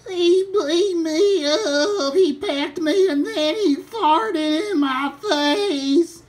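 A woman plays a bumbling backwoods farmer in a puppet comedy, hollering and cackling in folksy rural slang. The voice sits high and swoops widely, and the drawl is slow and drawn out. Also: very animated, heavily acted. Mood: whimpering. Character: bumbling hillbilly male turkey-hunting farmer. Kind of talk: puppet show comedy acting.

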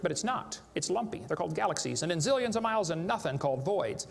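A man presents a creationist seminar live before an audience in a large hall, joking and speaking emphatically to win them over. His voice is high, quick and creaky with lively intonation; the recording is echoey with faint background noise.

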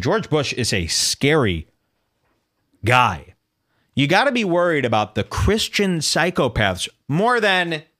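A man's voice: medium pitch, a bit bright. A man hosting a solo podcast, delivering incredulous, ranting commentary and reading social media posts aloud. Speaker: podcast host.

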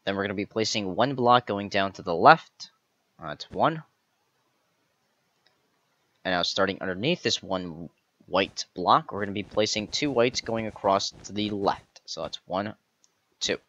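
A man narrates a building tutorial step by step, counting out each block he places. His voice sits a little low but sounds bright and forceful. The recording is dry and slightly dull, like a modest home setup. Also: a little slow, pauses often, no echo. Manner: methodical, counts blocks aloud one by one. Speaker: tutorial host. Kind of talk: step-by-step game tutorial voice-over.

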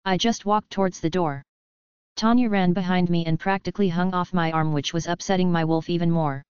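A woman narrates a novel in the first person. Her voice is a little low and very clean. The recording sounds dull and dry. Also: steady tone, a little fast, a little mellow, clean tone, no room sound. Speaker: audiobook narrator.

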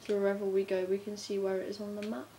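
A woman chatting casually as she narrates her gameplay, talking to herself and breaking into bursts of excitement. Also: mid-range voice, fast talker. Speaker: gamer narrating her play. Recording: faint background noise.

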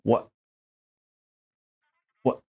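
Slow-talking man joking through horror games. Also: a little mellow, dull audio. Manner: jokey, laughs easily, talks to the game characters. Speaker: gaming video host. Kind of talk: horror game let's play commentary.

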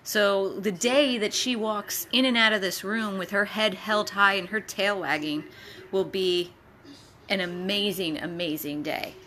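A woman from a dog rescue, giving a casual video update in a soft, loose, chatty way, recorded indoors on a handheld camera. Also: medium pitch, unhurried.

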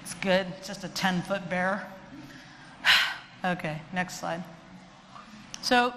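A middle-aged woman, a dog trainer, giving a lecture with funny stories and acting out quoted voices. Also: medium pitch. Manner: animated, chatty, acts out quoted voices. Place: lecture hall. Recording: echoey hall with faint noise.

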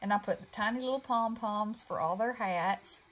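This craft channel host, a middle-aged woman, rambles with fillers in a casual show-and-tell of things she made by hand. She speaks at a normal speed in a medium pitch that sounds a bit bright, and the audio quality is poor.

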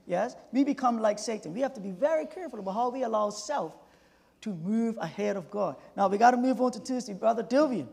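Gravelly, husky church lesson leader. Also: medium pitch, animated, fast talker. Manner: urgent, calls on others, rises to sudden shouted emphasis. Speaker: Sabbath School teacher leading the discussion. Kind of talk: church Bible lesson discussion. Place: church sanctuary. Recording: long church-hall reverb.

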